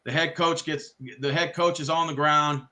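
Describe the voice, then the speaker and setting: A man hosting a casual sports chat, profane and excitable, slipping into mock wrestling voices. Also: a little high, moderate pace. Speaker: podcast host.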